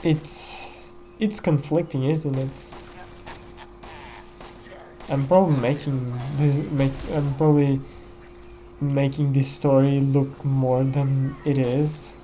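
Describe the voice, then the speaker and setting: A man's voice: medium pitch, little pitch movement, slow, long pauses, mellow, a little hiss or hum, rough recording. A man giving casual gameplay commentary in a reflective, musing way, often tagging his thoughts with "you know.".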